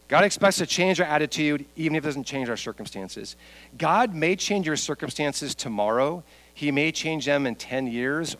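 A man's voice: medium pitch, fairly bright tone, low-quality recording. A man, a pastor, preaching an emphatic sermon that builds through long repeated lists.

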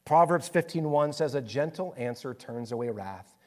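A pastor in his forties preaches with earnest candor. His voice sits at a middle pitch. He tells stories in a self-deprecating way. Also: expressive, normal speed, a little mellow. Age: 40s. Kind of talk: sermon.

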